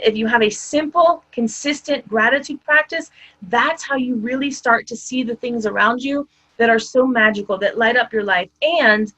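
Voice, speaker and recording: A woman's voice: a little high, pushed and bright, poor audio. A woman giving a conversational motivational talk, speaking directly to her audience in an upbeat way. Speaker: summit speaker.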